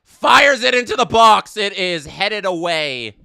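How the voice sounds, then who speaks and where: A man's voice: high voice, a little slow, vocal fry, smooth, no echo, studio quality. A young man hosting a casual live watch-along, calling the match and chatting with his viewers. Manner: chatty, reads chat aloud, excited bursts on big plays. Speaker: livestream host doing live match commentary.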